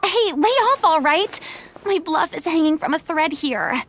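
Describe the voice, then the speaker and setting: A woman voicing a theatrical young former goddess in a video game, showy and dramatic, quick to bluster and then apologize. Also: extremely high pitch, expressive, a little hiss or hum, heavily acted. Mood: sheepish.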